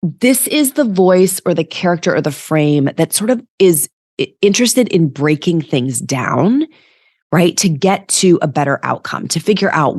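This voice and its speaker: A woman's voice: fairly low pitch, animated, a little slow, no room sound, studio quality. A woman hosting a reflective self-help podcast as a coach, talking conversationally and often checking in with "right?".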